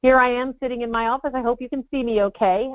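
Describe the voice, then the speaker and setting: A middle-aged woman, the guest presenter of a casual webinar, talks fast from her home office in a slightly high, steady voice. She's chatty and self-deprecating, and the video call audio sounds tinny and phone-like, with a dry quality.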